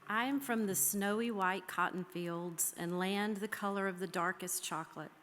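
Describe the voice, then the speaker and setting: A woman from the American South, a history teacher, reading her own poem aloud and then speaking warmly and folksily to her students. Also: medium pitch, moderate pace, slight background noise. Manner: heartfelt, folksy, says y'all. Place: school chapel. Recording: reverberant hall.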